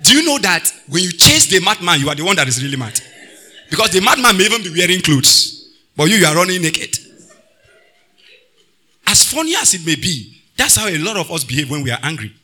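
A man preaching a sermon, swinging between loud bursts and quiet asides and slipping into pidgin phrases. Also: sits high, very animated, a little fast, husky.

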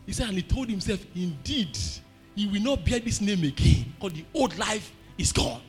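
A man with a Nigerian accent preaching a sermon, telling stories and breaking into shouted emphasis. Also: sits high, very animated, normal speed, soft background music. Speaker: pastor.

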